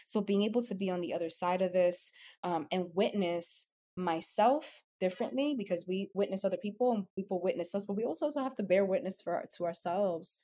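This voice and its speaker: A woman's voice: mid-range voice, a little fast, mellow. A woman in her thirties, co-hosting a podcast, talking in a heartfelt, emotional, rambling way with many fillers. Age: 30s. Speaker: podcast co-host. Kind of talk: casual chat.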